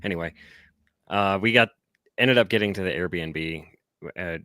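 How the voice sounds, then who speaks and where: Male podcast co-host, low voice, dry close mic, rambling banter. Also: a little slow, bright, forceful tone, dry recording. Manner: rambling, laughs often. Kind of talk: casual banter.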